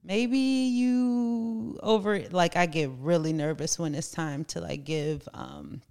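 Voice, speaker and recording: A woman's voice: sits low, steady tone, a little slow, gravelly, a little mellow. A woman guest on a podcast, talking casually and hesitantly with many fillers and restarts. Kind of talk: casual chat.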